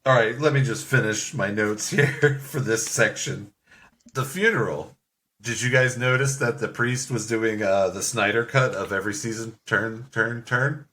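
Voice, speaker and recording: A man's voice: fairly low pitch, moderate pace, sharp tone. A man co-hosting a casual movie review chat, joking, laughing often and swearing freely.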